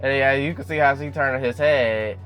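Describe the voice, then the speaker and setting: A man's voice: medium pitch, moderate pace, a bit bright, soft background music. A young man giving a casual recap of a TV episode. He talks in a chatty way, full of "you know" fillers, and acts out bits of the dialogue. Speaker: YouTube show recapper.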